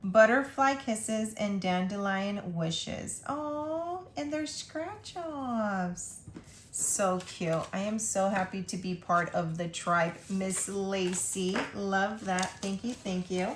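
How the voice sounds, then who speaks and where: A woman's voice: medium pitch, steady tone, takes it slowly, few pauses. Gushing woman opening mail in an echoey room. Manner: chatty and gushing, reads notes aloud. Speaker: budgeting channel host. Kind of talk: casual vlog, opening mail. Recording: echoey room, faint noise.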